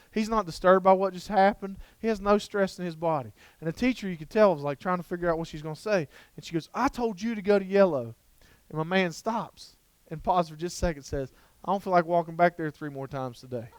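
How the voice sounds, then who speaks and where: A middle-aged man delivers a lively keynote full of anecdotes, down-to-earth and joking as he acts out the scenes. His voice sits a little high for a man and comes across smooth and clear. The sound is dry and close. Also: no room sound. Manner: down-to-earth, animated, jokey. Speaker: child development speaker. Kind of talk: storytelling keynote talk. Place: lecture room before an audience.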